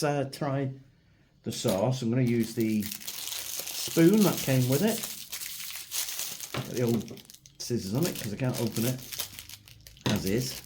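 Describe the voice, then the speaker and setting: A middle-aged man with a Manchester accent, speaking at medium pitch over background noise, reviews food for his vlog at home at a table. His style is rambling, chatty and self-deprecating.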